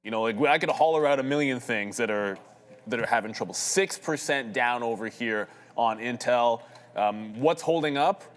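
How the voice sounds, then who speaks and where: A man co-hosting a live day-trading broadcast, giving quick, casual market commentary and thinking aloud with restarts. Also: medium pitch, in a large hall. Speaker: day trader co-host. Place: trading floor studio.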